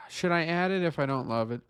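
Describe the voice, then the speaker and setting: A man's voice: fairly high pitch, a bit bright, smooth. A man streaming his game development work, musing aloud to himself in a casual, self-mocking way. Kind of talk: casual livestream talk to himself.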